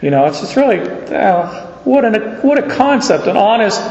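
Male pastor, folksy sermon with stories, slightly high voice, echoey hall. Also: moderate pace. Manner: folksy, anecdotal, animated. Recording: echoey hall, dull sound.

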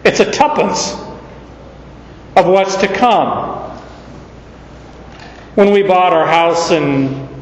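Male preacher, middle-aged, from Arizona; unhurried sermon delivery, muffled echoey hall sound. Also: sits high, expressive, a little hiss or hum. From Arizona, USA. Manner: unhurried storytelling with sudden emphatic rises. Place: large hall or church.

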